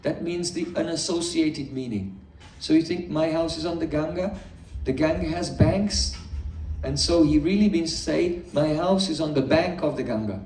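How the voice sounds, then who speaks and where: A man giving a morning scripture class to a live audience, explaining patiently with everyday examples and gentle humor. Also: a little high, normal speed. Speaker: spiritual teacher. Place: indoor hall with a live audience. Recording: echoey room, distant mic.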